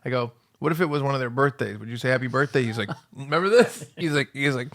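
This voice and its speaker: Animated storytelling man, podcast co-host. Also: medium pitch, fast. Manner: animated storyteller, drops to hushed tones for quoted lines. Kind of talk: casual storytelling chat.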